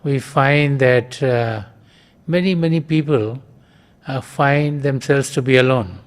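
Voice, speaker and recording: A man giving a spiritual talk as a teacher, measured, pausing often with soft fillers. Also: medium pitch. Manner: measured, with frequent pauses and fillers.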